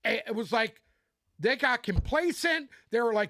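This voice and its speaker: A man's voice: extremely high pitch, very animated, moderate pace, bright, forceful tone, a little hiss or hum. A man co-hosting a sports podcast in casual debate, ranting in an emphatic, exasperated and profane way. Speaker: podcast co-host.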